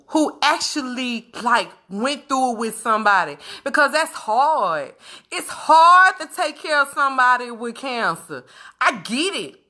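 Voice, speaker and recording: High, forceful woman speaking emphatically. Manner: emphatic, repeats phrases for weight, animated. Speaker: vlogger speaking to her viewers. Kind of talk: candid casual monologue.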